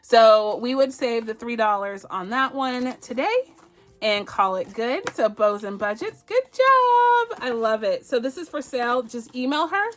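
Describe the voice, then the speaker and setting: A woman's voice: on the high side, animated, moderate pace. A bubbly woman hosting a budgeting vlog, gushing and giggling as she plays savings challenges and says y'all. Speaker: budgeting channel host. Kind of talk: casual chat reviewing savings challenges.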